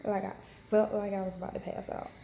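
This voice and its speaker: A woman's voice: medium pitch, level tone, fast, creaky, mellow, roomy sound, faint music behind. A young woman vlogger telling a story to camera in a frank, chatty way with many fillers. She is unwell and in pain. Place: hospital room.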